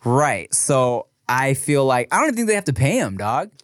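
A man's voice: medium pitch, very animated, moderate pace, dry recording, studio quality. A man co-hosting a casual podcast, playful, breaking into silly songs and laughing often. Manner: playful, sings and laughs a lot. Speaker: podcast co-host. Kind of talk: casual chat.

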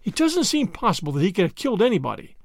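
A man's voice: sits high, sing-song, fast, vocal fry, dry recording, studio quality, pitched above the performer's own voice, exaggerated voice. A man voicing a fretful, chatty old grandmother who talks in a tremulous, anxious way. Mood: wistful.

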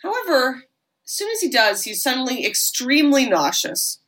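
A woman co-hosting a podcast, casually recapping a horror film in a chatty way with many quick asides. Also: high-pitched, sing-song, fairly bright tone. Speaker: podcast co-host.

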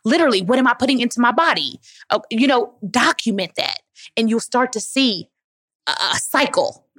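A woman gives emphatic, motivational answers at a live Q&A, calling her listeners "baby". Her voice sits fairly high and sounds dry and close. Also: animated, normal speed, fairly bright tone, no echo. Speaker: guest speaker answering audience questions. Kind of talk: live Q&A talk.

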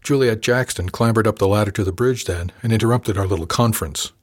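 A man with a low voice narrates a first-person tale in an even, wry storytelling manner. The recording is dry and close, with no room around him. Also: brisk, no room sound. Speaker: audiobook narrator.

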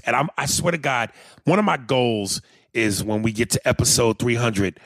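A man's voice: medium pitch, no echo. A man co-hosting a podcast in casual chat, boisterous and profane, often laughing. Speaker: podcast co-host.

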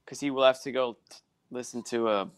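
A man on a sports podcast panel, chiming in with emphatic quick reactions in casual chat. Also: medium pitch, steady tone, clear, resonant tone.

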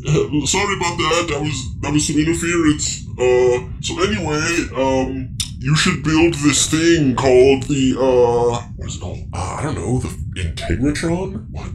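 A man putting on a high, strained voice to pretend to be a famous dead inventor, bumbling and unsure of himself. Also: moderate pace, few pauses, faint music behind, natural voice, low-quality recording. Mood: flustered. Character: man faking Nikola Tesla over walkie-talkie, clumsy.

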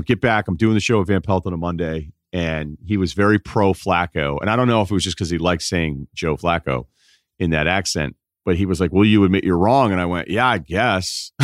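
A man with a fairly low voice holds forth as a sports podcast host, arguing his case and firing off numbers in quick runs. The sound is dry and close, with no room echo. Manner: argumentative, rattling off stats in quick bursts. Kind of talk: opinionated sports talk monologue.

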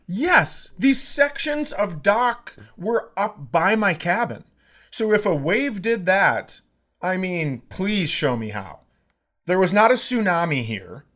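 A man in his fifties telling a comic story as a podcast co-host, animated, swearing and bursting into shouts. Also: high-pitched, takes it slowly. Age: 50s. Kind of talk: comedic storytelling.

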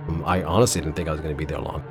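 A man's voice: a bass voice, racing, over music. A man being interviewed, recounting events casually and animatedly acting out what others said. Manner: animated, acts out others' quotes. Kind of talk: casual storytelling.

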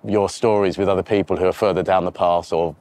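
A man's voice: deep voice, fairly even intonation, quick pace, a little mellow. A man, a TV presenter being interviewed outdoors by a river, talking candidly and reflectively with frequent restarts.

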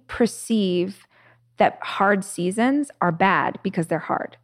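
A woman's voice: medium pitch, takes it slowly. Reflective woman hosting a podcast. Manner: reflective, storytelling, many "like" fillers. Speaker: podcast host. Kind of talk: casual conversational podcast.

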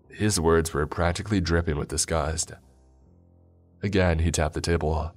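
A man narrating a first-person story in a measured storytelling delivery. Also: sits low, steady tone, soft background music.

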